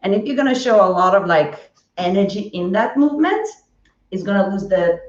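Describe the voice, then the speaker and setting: A woman's voice: medium pitch, animated, fairly quick. A woman teaching a live online dance class, counting steps in a rhythmic, chatty way while dancing and sweating. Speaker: dance instructor. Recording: roomy, distant, dull live stream.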